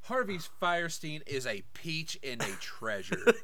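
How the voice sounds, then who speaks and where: A man co-hosting a casual podcast, excitable and swearing, often breaking into laughter. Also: a little high, a little slow. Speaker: podcast co-host. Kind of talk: casual chat.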